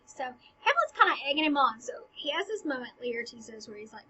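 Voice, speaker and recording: A woman's voice: on the high side, very animated, fairly quick, hardly any pauses, bright, forceful tone, husky, low-quality recording. A woman, as a teacher, chattily retelling a stage play in everyday words, laughing and saying "like" often.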